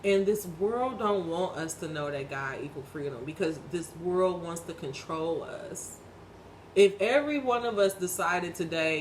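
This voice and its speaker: A tarot reader in her thirties gives viewers a preachy, emphatic spiritual pep talk, swearing freely and speaking bluntly, straight to the listener. Her fairly low voice is expressive and measured. The low-quality recording has slight background noise.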